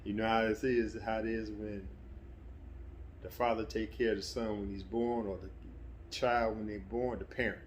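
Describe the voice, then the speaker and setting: A middle-aged man telling a personal story in a relaxed, conversational way, sometimes getting animated. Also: lowish voice, moderate pace, a little hiss or hum. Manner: relaxed, conversational, breaks into animated quoted voices. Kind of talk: casual spoken anecdote.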